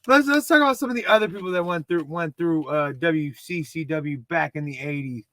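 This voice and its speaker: A man in his thirties from Dallas with a Texan accent, rambling excitedly and mocking himself while reviewing a movie. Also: a little high, fairly quick, dry recording. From Dallas, Texas. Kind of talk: casual video review.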